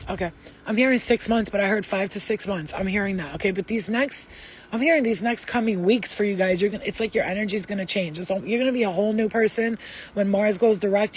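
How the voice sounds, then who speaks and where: A woman's voice: mid-range voice, fairly quick, a little hiss or hum. A woman doing a live psychic reading for her viewers, rambling and emotional, with many restarts. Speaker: psychic reader.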